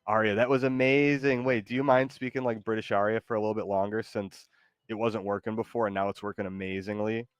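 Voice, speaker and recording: A man's voice: lowish voice, flat delivery, fast talker, clean tone, no echo. A man streaming live, chatting with his AI co-host in a rambling way full of fillers.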